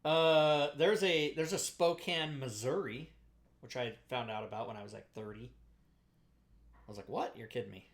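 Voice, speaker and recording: A man's voice: medium pitch, moderate pace. A middle-aged American man hosting a casual livestream talk show, swearing and laughing often as he chats. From United States. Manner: profane, laughing, excitable.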